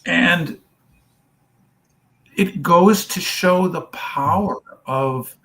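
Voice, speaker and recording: A man's voice: fairly high pitch, very slow, sharp tone, a little hiss or hum. A man who founded a children's charity, telling a long story in an interview and acting out each person's lines. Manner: storytelling, acts out dialogue.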